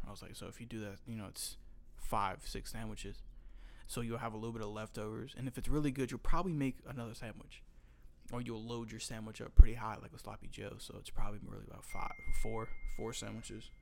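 A man's voice: fairly low pitch, gravelly, a little mellow. A young man from North Carolina who works as a butcher, chatting casually and profanely, acting out his customers as he tells stories. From North Carolina, USA. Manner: profane, storytelling, acts out customers. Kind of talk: casual chat.

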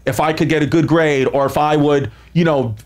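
A man's voice: a little high, fairly even intonation, moderate pace. A man telling a story casually on a podcast, swearing often and laughing as he talks. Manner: profane, laughing through his story.

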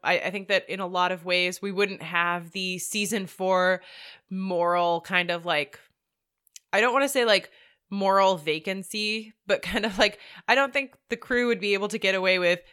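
Co-host: woman, casual chat, bright crisp voice, thoughtful, lots of "like" fillers. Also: mid-range voice, moderate pace. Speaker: podcast co-host.

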